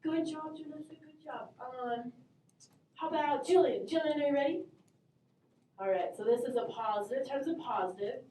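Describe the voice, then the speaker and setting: A woman math teacher calls on students by name, upbeat and encouraging, her mellow voice sitting high at a normal speed. She's recorded from far off in an echoey classroom with slight background noise.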